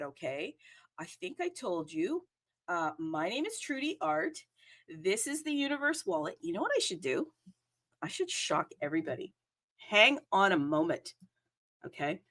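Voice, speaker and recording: A woman hosts a casual solo crypto livestream, chatting in a bubbly way and rambling with lots of fillers and asides. Her voice is on the high side with a fairly bright tone.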